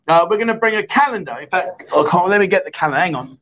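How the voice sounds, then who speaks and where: Picture a man with a notably high voice running a casual live-stream chat show. He rambles, jokes and ribs his co-host between viewer comments. The audio sounds dull and lo-fi, like a stream mic. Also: animated, fast talker, a bit bright. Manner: joking, teasing, rambling.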